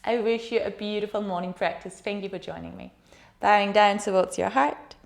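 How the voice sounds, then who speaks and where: A woman leads a yoga session, talking students through breath and posture in a calm, encouraging way. Her voice sits in a middle pitch and carries a noticeable roomy echo. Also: brisk, vocal fry. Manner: soothing, encouraging guidance. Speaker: yoga teacher. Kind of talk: guided yoga instruction.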